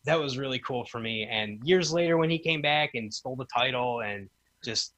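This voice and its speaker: Man, 30s, podcast guest: bright voice, animated storyteller who acts out the quotes. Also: mid-range voice, moderate pace. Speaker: podcast guest, former wrestling promoter. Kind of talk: casual storytelling chat.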